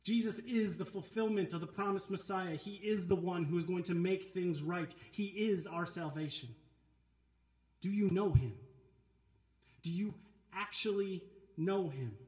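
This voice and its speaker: A man's voice: high voice, moderate pace, darkish tone. A man, a pastor, preaching an earnest, emphatic sermon in a church sanctuary. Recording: echoey church room.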